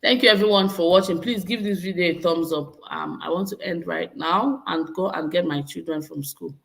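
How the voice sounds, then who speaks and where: A Nigerian woman in her thirties reads live chat and talks casually with viewers in a fairly low, gravelly voice at a moderate pace. She laughs often, repeats herself, and switches between English and Pidgin.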